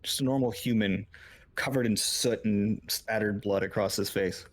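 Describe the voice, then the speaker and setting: A man's voice: on the low side, fairly even intonation, normal speed. A man narrating as game master in a tabletop game, loose and full of fillers.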